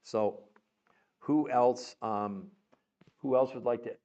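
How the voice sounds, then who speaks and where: A man hosting a live stream, chatting with viewers and greeting them by name in an excitable, animated way, laughing often. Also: mid-range voice, slow. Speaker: livestream host. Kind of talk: enthusiastic live-stream chat.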